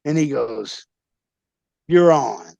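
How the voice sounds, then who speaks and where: A man, a wrestler guest telling animated stories in casual talk, acting out quoted voices and swearing freely. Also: medium pitch, very slow, creaky, no room sound, dull audio. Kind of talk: casual storytelling interview.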